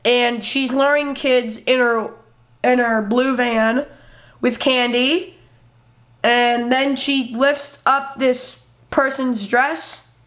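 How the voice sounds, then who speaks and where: A woman's voice: on the high side, fairly even intonation, slow, fairly bright tone. A woman hosting a sarcastic reaction commentary, rambling and laughing at what she watches. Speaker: commentary host.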